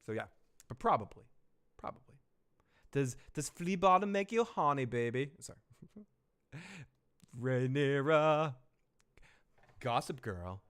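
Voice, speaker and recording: A man's voice: mid-range voice, very animated, normal speed, pauses often, fairly bright tone. A man hosting a casual live stream, rambling and joking as he reads viewer messages and laughs often. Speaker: live stream host reviewing a TV episode.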